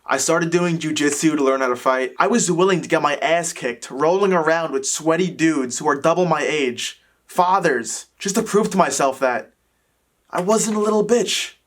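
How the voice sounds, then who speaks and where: Young guy, higher voice, self-deprecating confessional storyteller. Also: moderate pace, a bit bright. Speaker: vlogger. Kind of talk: personal confessional monologue.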